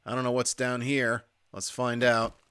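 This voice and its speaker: Male game commentator, dry self-mocking humor, bright tone. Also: medium pitch, monotone, a little slow, smooth. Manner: wry, self-mocking, mutters to himself. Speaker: gaming YouTuber. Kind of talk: casual let's-play commentary.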